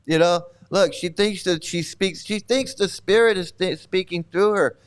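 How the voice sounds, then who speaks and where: A man's voice: sits high, moderate pace, clean tone. A man hosting a live commentary stream, mocking and sarcastic as he reacts to chat comments, rambling with frequent restarts. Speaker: channel host.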